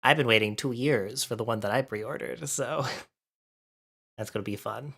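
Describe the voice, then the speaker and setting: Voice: medium pitch, moderate pace, a bit bright, slightly rough. A livestreamer chatting casually with viewers while setting up, a bit out of breath from allergies and thinking aloud.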